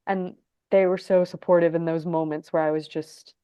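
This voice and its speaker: A woman's voice: fairly low pitch, flat delivery, normal speed, warm tone, smooth, dry recording. Chatty woman guest, dry close sound. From Egypt and Texas. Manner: chatty, lots of "like", laughs often. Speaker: podcast guest. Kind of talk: casual storytelling interview.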